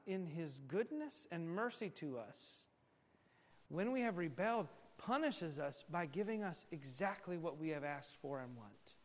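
A male pastor preaching a sermon emphatically, moving from loud stresses to hushed asides. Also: high voice, long reverb tail.

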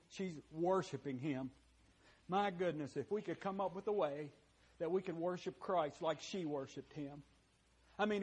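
A man preaching a sermon as pastor, impassioned and folksy, swinging from loud bursts to hushed confession and often repeating words as he goes. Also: high-pitched, slightly rough. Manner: repeats words and restarts phrases while preaching.

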